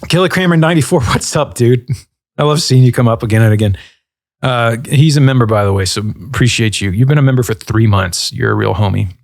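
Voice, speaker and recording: A man's voice: medium pitch, brisk, vocal fry, dry recording, studio quality. A man in his thirties hosting a casual podcast, answering listener questions in a laid-back, rambling way with lots of fillers. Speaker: podcast host.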